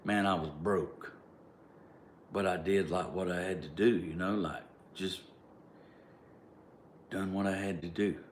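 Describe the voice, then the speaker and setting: A man's voice: deep voice, fairly even intonation, a little slow, long pauses, a little hiss or hum. A man with a Southern American accent telling a story in a rambling, casual way, leaning on "like" and breaking into emphatic bursts. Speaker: vlogger. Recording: roomy echo, faint ambience.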